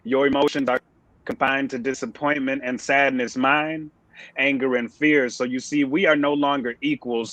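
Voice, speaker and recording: A man performing a spoken word poem at a virtual open mic, delivering the lines in a measured, deliberate way over a video call. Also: medium pitch, a bit bright, no echo, poor audio.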